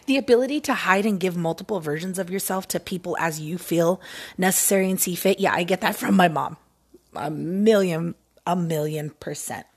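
A woman's voice: on the low side, moderate pace, breathy edge. A woman podcast host rambling casually and self-mockingly from a recliner at home. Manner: scattered, self-mocking, giggly.

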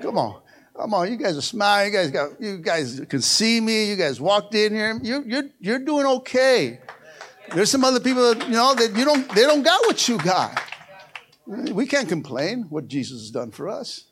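A male pastor preaching a sermon in a church with call-and-response phrases. He swings between loud exclamations and quiet, low passages, and often laughs. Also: animated, normal speed. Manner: call-and-response preaching, frequent "come on" and "amen"; laughs often, playful asides. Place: church sanctuary.

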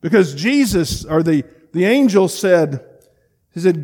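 A middle-aged man preaching a sermon, telling a story and swinging between loud emphasis and hushed, reflective passages. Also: on the high side, lively intonation, a little slow. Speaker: pastor.

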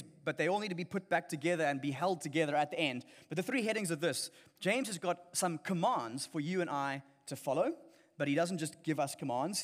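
A man's voice: a little high, big-room sound. A man preaching a sermon as a pastor, earnest and emphatic, often restarting his phrases.

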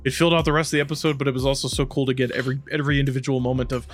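A man's voice: medium pitch, steady tone, very fast, faint music behind. Enthusiastic jokey podcast guy. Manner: enthusiastic, jokey, acts out quotes. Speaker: podcast co-host. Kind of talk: casual chat.

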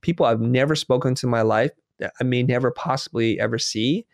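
A man's voice: mid-range voice, a little fast, creaky, no echo. A middle-aged man tells stories in casual conversation, slipping into the voices of people he quotes. His voice sits in a middle register. The recording is dry and close, with no room sound. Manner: animated storyteller, acts out dialogue. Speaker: guest.

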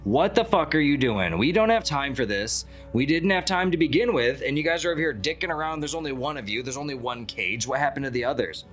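A man's voice: medium pitch, lively intonation, a little fast, hardly any pauses, fairly bright tone, faint music behind, pitched above the performer's own voice, lightly acted. A man voicing a brash, impatient male cultist leader who swears and snaps. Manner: snappy, irritated, swearing.

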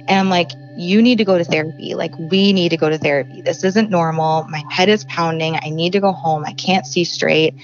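A young woman from the Chicago suburbs talks through a personal story in a casual, conversational way, acting out what people said. Her low voice has a gravelly edge. The recording is a bit dull and lo-fi, with faint music underneath. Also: fairly even intonation, brisk, hardly any pauses. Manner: conversational, frequent "like" fillers, acts out quoted dialogue. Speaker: guest telling her story.

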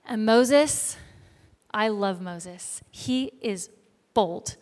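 A woman preacher delivering a sermon, telling a story in a lively, animated way and acting out the voices of the people in it. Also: medium pitch, drawn-out words. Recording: echoey hall reverb.

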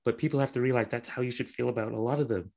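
A man co-hosting a podcast in casual chat, earnest and encouraging, with gentle jokes. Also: mid-range voice, fairly even intonation, racing, vocal fry. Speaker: podcast co-host.

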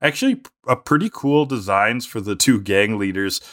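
A man's voice: on the low side, moderate pace, fairly bright tone, no echo, clean studio sound. A young man co-hosting a podcast, laid-back and rambling, laughing often as he talks. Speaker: podcast co-host. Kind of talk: casual chat.

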